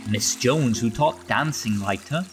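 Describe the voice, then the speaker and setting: A man narrating a children's storybook aloud, expressive, slow and gentle. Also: medium pitch, faint music behind.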